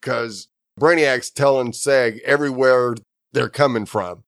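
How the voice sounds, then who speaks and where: A man on a podcast chatting casually, summarizing an episode's plot in a steady way. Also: mid-range voice, a little slow, no echo, studio quality. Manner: steady plot summary with short agreeing replies. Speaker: podcast co-host recapping an episode. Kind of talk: casual chat.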